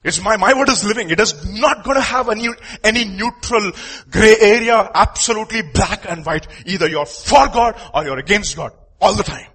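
Animated, husky male preacher. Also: high voice, moderate pace, hardly any pauses. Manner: animated, swings from loud emphatic lines to quiet asides, acts out quoted voices. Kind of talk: sermon.

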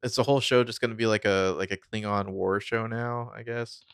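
A man's voice: on the low side, a little fast, vocal fry, clean tone, no room sound, studio quality. A man co-hosting a podcast in casual chat, rambling and acting out characters as he talks. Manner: rambling, animated quoting of characters. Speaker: podcast co-host.

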